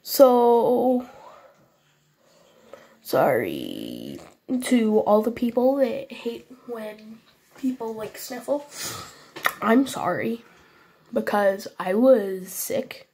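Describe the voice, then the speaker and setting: A woman's voice: on the high side, sing-song, very slow, vocal fry, pauses often, dark tone, husky. A woman giving casual, apologetic commentary on her Minecraft game for viewers. She is sniffly after a cold and speaks in a vague put-on foreign accent. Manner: chatty, apologetic, talks to viewers while playing. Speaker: gaming channel host.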